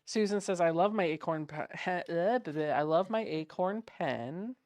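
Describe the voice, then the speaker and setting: A quilting channel host chats casually on a livestream while sewing, reading out viewer comments and humming little sound effects as she works. Her voice is fairly low and darkish with lively intonation at a moderate pace, and there's no echo.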